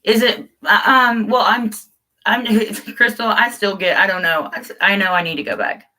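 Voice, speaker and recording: A woman's voice: mid-range voice, fairly even intonation, normal speed, bright, forceful tone, rough recording. A middle-aged woman hosting a casual live chat, talking openly and loosely to her viewers and calling them guys. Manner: open, rambling, addresses viewers as guys. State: tearful at times. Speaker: livestream host.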